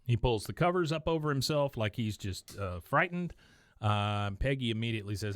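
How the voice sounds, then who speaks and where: A man's voice: mid-range voice, lively intonation, clean tone, dry recording. A man hosting a podcast, casually retelling cartoon scenes and acting out the characters' lines. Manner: acts out characters' lines in quick voices. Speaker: podcast host recapping episodes.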